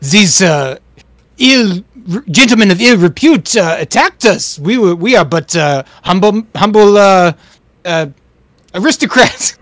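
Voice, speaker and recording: A man's voice: high voice, lively intonation, unhurried, fairly bright tone, no echo, pitched above the performer's own voice. A flustered aristocrat full of airs, put on by a man protests in a raised, indignant voice. He stammers over his grand words. The sound is close and dry. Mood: pompous. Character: flustered pompous adult male aristocrat.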